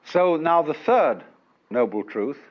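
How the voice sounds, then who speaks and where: A man giving a public lecture in an unhurried, wry way, with chuckles, on an old lo-fi recording from a lecture hall. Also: fairly high pitch, expressive. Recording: dull lo-fi archive lecture recording.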